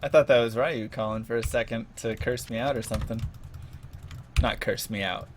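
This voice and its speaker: A man live-streaming a game, joking, laughing a lot and yelling when excited. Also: medium pitch, moderate pace, very noisy.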